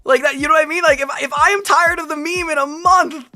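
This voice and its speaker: A woman streamer chatting through a live reaction, rambling and animated, breaking into laughs and shouts. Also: high voice, fast, faint music behind. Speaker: streamer reacting to a lore video.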